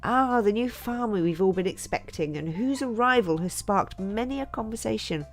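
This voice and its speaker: A woman's voice: mid-range voice, lively intonation, moderate pace, soft background music, pitched above the performer's own voice, lightly acted. A woman reading aloud the lines of a flowery young male artist villager from a farming game. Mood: polite. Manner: reading on-screen dialogue aloud.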